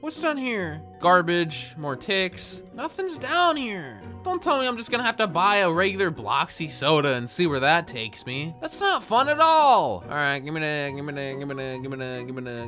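A man's voice: high-pitched, sing-song, moderate pace, sharp tone, faint music behind. A young man giving playful, jokey let's-play commentary, talking to himself with sudden yelps. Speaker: gaming YouTuber.

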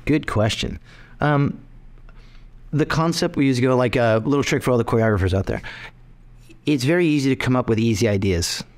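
A man, a film director, talking casually in an interview, rambling with restarts and quick laughs. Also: mid-range voice.

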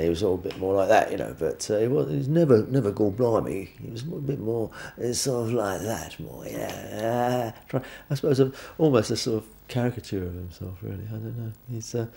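A man with a dark, gravelly, fairly low voice rambles fondly through memories. He drops into quick impressions of other people while he talks. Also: sing-song. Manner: rambling, with mimicry and laughter. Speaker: interviewee. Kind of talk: reminiscing interview.

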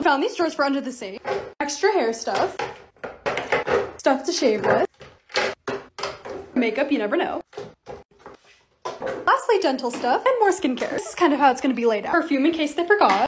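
A bubbly young woman narrates her vlog in a high, lively voice that leaps up and down. She talks quickly and chattily. A faint hiss sits under the recording. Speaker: lifestyle creator.

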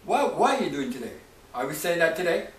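A man's voice: on the high side, sing-song, brisk, distant mic. A man teaching from the Bible in a loose, conversational way, often asking "right?" and "you know". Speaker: preacher. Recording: echoey room, voice off-mic.

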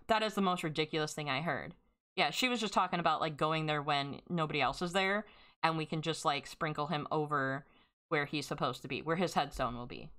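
A young woman streaming a game who vents in a raw, furious rant, full of swearing and grief. Her voice sits a little low but has a bright, forceful edge. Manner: angry, emotional ranting with frequent swearing. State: grieving and upset. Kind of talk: casual live-stream rant.

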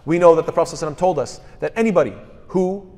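A man's voice: a little high, rapid-fire, darkish tone, big-room sound. A man delivering a sermon, asking rhetorical questions and quoting scripture in Arabic. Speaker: speaker at a mosque.

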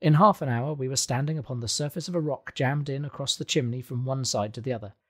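A man narrating a classic adventure novel in a calm, steady storytelling manner. His voice is middle in pitch with a husky, slightly breathy texture. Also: quick pace. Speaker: audiobook reader. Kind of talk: scripted narration.

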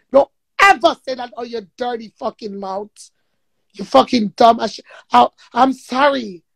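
A woman's voice: fairly high pitch, vocal fry, darkish tone, slightly rough, dry recording, rough recording. A Jamaican woman delivering a blunt, profane, confrontational rant to camera. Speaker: vlogger.

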